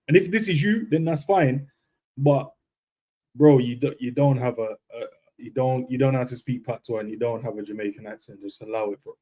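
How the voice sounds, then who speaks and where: A man's voice: mid-range voice, fairly quick, warm tone. A young man chatting casually about football, laid-back and slangy. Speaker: football podcast co-host. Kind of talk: casual chat.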